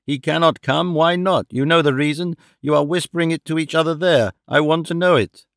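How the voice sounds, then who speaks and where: A man's voice: a little high, steady tone, moderate pace, vocal fry, dry recording, studio quality. A man voicing a feverish, pleading young mother. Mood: urgent. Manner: imperious and heart-rending, pleading. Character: feverish dying young woman, desperate mother.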